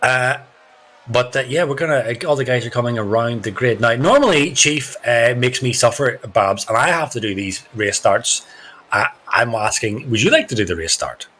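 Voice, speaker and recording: A man doing excitable, chatty, joking commentary on a live sim racing stream. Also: mid-range voice, moderate pace, slight background noise. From Ireland. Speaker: race commentator. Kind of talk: live esports race commentary.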